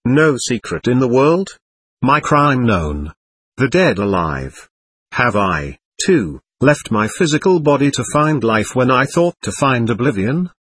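A man's voice: mid-range voice, sing-song, unhurried, fairly bright tone, slightly rough, exaggerated voice. A man reading as a guilt-ridden newly dead man. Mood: despairing. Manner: frantic, pleading.

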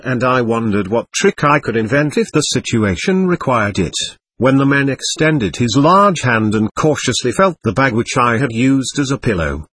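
A man reading a first-person travel memoir aloud as an audiobook narrator, in a measured, even storytelling manner. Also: mid-range voice, slightly rough, dry recording, rough recording.

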